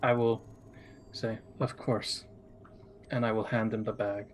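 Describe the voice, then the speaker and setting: A man playing a tabletop game in casual talk, halting and restarting his phrases. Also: lowish voice, level tone, a little hiss or hum. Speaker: player.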